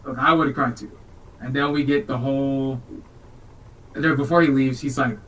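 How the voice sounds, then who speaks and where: Male podcast co-host, animated jokey recap, average pitch, distant mic. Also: moderate pace, pauses often. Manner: animated, joking retelling. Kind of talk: casual chat reviewing a movie.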